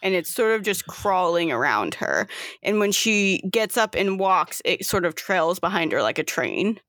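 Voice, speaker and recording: A woman narrating as game master of a tabletop role-playing game, animated and laughing often. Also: on the low side, moderate pace, dry recording, studio quality.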